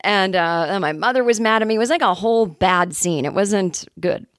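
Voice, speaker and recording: A woman's voice: mid-range voice, normal speed, no room sound, clean studio sound. A woman hosting a comedy podcast, telling a rambling, self-deprecating story and speaking openly about her anxiety in a casual way.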